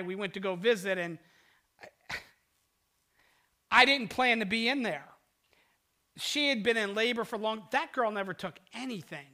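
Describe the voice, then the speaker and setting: An older man, a pastor, preaching a sermon and telling stories, swinging between loud outbursts and hushed, quiet passages. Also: very high-pitched.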